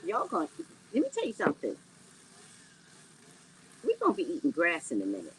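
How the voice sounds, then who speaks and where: She talks briskly in a fairly low voice, a psychic livestream host joking and reacting to viewers from indoors at home. With no proper mic, the recording is rough and carries slight background noise.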